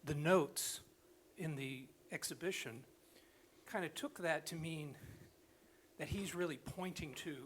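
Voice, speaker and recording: A man's voice: on the high side, measured pace. A man in the audience hesitantly asking the panel a question. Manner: hesitant, with many ums.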